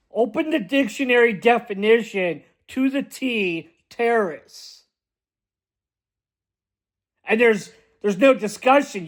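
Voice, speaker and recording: Guy ranting to camera, kinda high voice, blunt and emphatic, keeps repeating himself.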